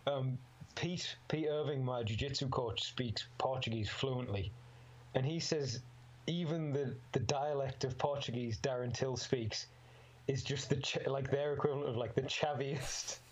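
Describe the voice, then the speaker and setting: A man's voice: mid-range voice, steady tone, a little slow. A man talking casually about fighting, rambling, swearing freely and laughing often. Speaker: amateur MMA fighter guest. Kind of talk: casual chat. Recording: slightly dull lo-fi sound.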